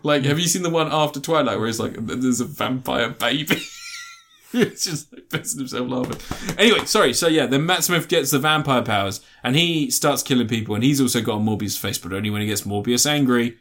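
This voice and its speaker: A man's voice: medium pitch, quick pace, few pauses, fairly bright tone, a little hiss or hum. A man in casual chat, retelling a film plot with lots of swearing and acted-out lines.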